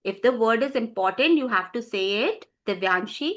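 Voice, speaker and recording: A woman running a teacher-training session, directive and organized. Her voice is a little high and rings bright and crisp. She calls on participants by name and lays out questions step by step. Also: lively intonation, normal speed.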